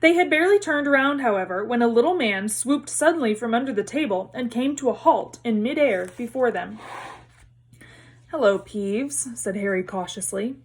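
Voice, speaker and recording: A woman reading a children's novel aloud, expressive, lifting her voice for the characters. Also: fairly high pitch, brisk, hardly any pauses. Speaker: reader.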